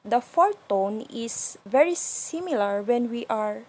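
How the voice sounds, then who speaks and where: A woman with as her explains sounds one by one in an unhurried instructional style. Her voice sits a little high and carries a soft, breathy quality. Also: lively intonation. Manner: patient, demonstrates sounds slowly and repeats them. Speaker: language teacher. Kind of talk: slow instructional lesson.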